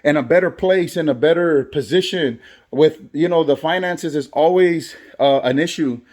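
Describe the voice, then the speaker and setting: A man's voice: fairly high pitch, moderate pace, a little mellow. A man who is a barber and father, talking earnestly in a motivational vlog and repeating phrases for emphasis. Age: adult, has kids. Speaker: barber and vlogger.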